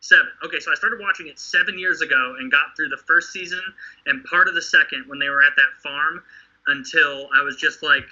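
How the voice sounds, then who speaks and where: A man co-hosting a podcast in casual chat, profane and animated, mocking what he talks about. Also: on the high side, a little fast, dull audio. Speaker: podcast co-host.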